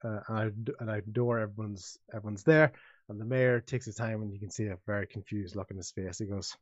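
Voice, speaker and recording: A man's voice: on the low side, quick pace, no echo, highs cut off. Rambling male game master, dry sound. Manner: rambling, full of restarts, voicing many characters. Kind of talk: narrating a tabletop game.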